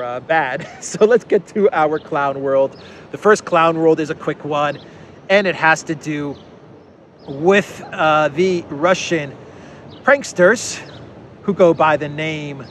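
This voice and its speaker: A man hosting a casual news commentary, sarcastic and chuckling, halting often with fillers. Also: mid-range voice, slight background noise. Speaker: commentary channel host.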